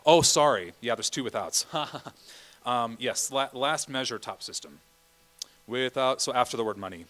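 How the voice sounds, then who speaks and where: A man's voice: mid-range voice, moderate pace, fairly bright tone, poor audio. A man directing a choir rehearsal, counting beats and singing bits of phrases as he coaches the singers. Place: church rehearsal room.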